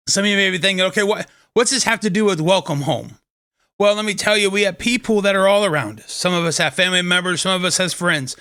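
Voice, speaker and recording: A man with a bright, forceful tone and a slightly high voice talks earnestly about his faith and stumbles through restarts as he tells a story. The sound is close and dry. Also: quick pace, dry recording. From Kentucky. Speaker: host of a faith talk show. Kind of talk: casual inspirational talk.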